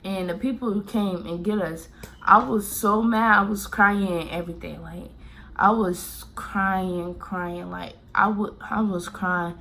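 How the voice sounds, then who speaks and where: A woman's voice: fairly low pitch, steady tone, measured pace, bright, forceful tone, slight background noise. A woman from Miami telling a personal story in a casual, rambling way, full of fillers and restarts. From Miami, Florida.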